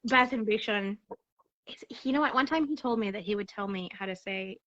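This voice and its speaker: A woman guest in casual chat, animated, swinging between high and low and laughing often. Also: a little fast, highs cut off. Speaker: podcast guest.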